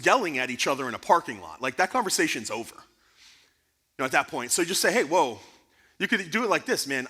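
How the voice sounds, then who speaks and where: A man speaking as guest speaker at a church conference, answering audience questions in an earnest, animated way. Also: a little high. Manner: earnest, animated, rising to emphatic bursts. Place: church sanctuary.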